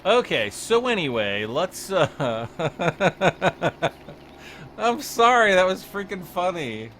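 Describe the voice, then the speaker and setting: Over a farming game, a man streams loose, rambling commentary, frequently losing track of what he was saying and breaking into giggles. His voice sits high and sounds very animated and a bit bright, though slow, with slight background noise.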